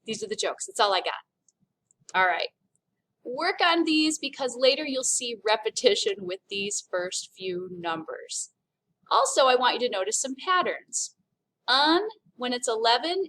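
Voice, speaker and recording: A woman teaching a recorded French lesson, talking in a clear, encouraging way with small jokes. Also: a little high, a bit bright, poor audio.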